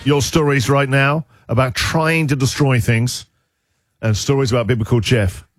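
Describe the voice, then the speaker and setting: A man hosting a radio show, telling lively stories and acting out what people said. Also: medium pitch, moderate pace, soft background music. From England. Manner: animated storytelling, acts out quotes. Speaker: radio host. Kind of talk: casual radio chat. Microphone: studio microphone.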